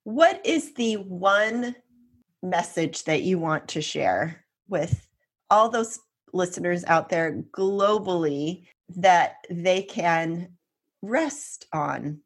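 Slow-talking, husky woman co-host. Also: on the low side. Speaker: podcast co-host. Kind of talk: casual interview talk. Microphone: video call.

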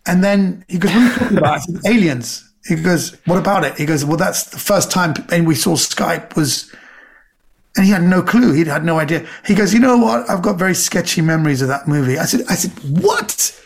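A man's voice: a little high, a little fast, creaky. A middle-aged man, a comedian guest on a podcast, chatting casually and telling rambling stories, acting out the quotes.

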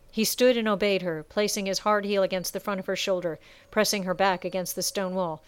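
A woman reading a story aloud in measured, expressive narration. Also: medium pitch, clear, resonant tone, no room sound, clean studio sound. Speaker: audiobook narrator. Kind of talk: scripted narration.

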